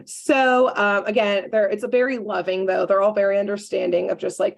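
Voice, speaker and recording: Woman podcast co-host, chatty recapper, slips in lively character quotes, casual delivery. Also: mid-range voice, gravelly. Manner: animated storyteller, quotes characters in quick asides.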